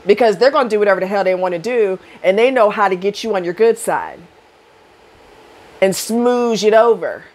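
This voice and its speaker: A middle-aged woman gives dating advice to camera in a blunt, profane monologue. She's animated, talks fast with few pauses, and gets loud and high when she rants.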